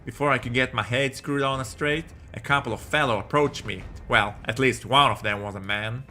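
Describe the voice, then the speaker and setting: A man's voice: mid-range voice, moderate pace, bright, forceful tone, a little hiss or hum, natural voice. A man voicing a plucky young male soldier with a put-on Southern US accent, reading game dialogue aloud in a folksy drawl with homespun sayings.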